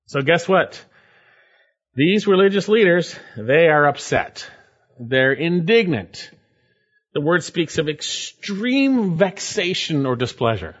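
A man preaching a sermon and reading scripture aloud, with emphatic swings in pitch and loudness. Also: sing-song, a little slow, lo-fi sound. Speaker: pastor.

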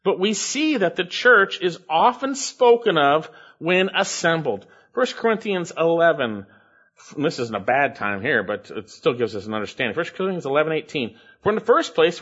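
A man preaching an expository sermon, stressing key phrases with repetition and dropping into low asides. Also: lively intonation, normal speed, highs cut off. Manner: emphatic, repeats key phrases, swings between loud stresses and low asides. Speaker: pastor.

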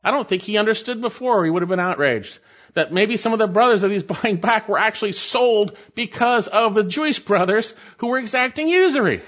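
A pastor preaches an expository Bible sermon emphatically, repeating his key points for stress. His high, slightly bright voice is animated and fairly quick, captured in a dull lo-fi recording.

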